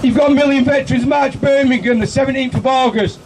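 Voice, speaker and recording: Man, rally compere, high voice, far from the mic, noisy outdoor sound. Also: steady tone, fairly quick. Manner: rousing, announcing upcoming marches. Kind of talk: addressing a crowd. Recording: distant outdoor mic with noise.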